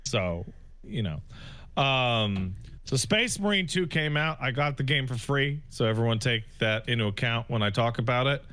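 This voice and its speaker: A man's voice: mid-range voice, animated, sharp tone. A man co-hosting a casual podcast, chatting loosely and swearing often. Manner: swears often, quick asides. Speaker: podcast co-host. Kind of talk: casual chat.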